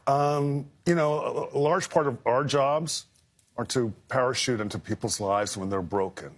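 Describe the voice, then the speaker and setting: A man, a correspondent interviewed live on air, speaking reflectively with halting phrases and fillers. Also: medium pitch.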